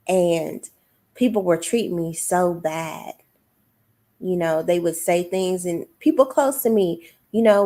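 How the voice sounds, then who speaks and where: Low-voiced woman telling a personal story. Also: darkish tone. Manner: emotional, testimonial storytelling with quoted voices. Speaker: guest author. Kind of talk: casual podcast storytelling.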